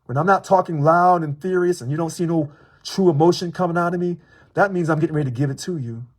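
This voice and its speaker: A man with a husky, slightly raised voice speaks as a union local president, addressing a public official in a measured sermon-like tone. He drives points home by repeating them and spacing his words deliberately. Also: fairly high pitch. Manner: measured, preachy, repeats for emphasis. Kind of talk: direct-address video commentary.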